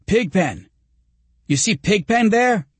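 A man voicing an excitable, boyish male patient who shouts and cheers with childlike eagerness, in a husky voice. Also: sits high, slow, dry recording, pitched above the performer's own voice, full character voice. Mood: excited.

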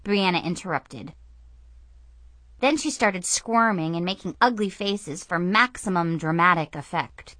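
A woman narrating a children's story aloud with expressive storytelling. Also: fairly low pitch, dry recording. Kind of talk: audiobook narration.

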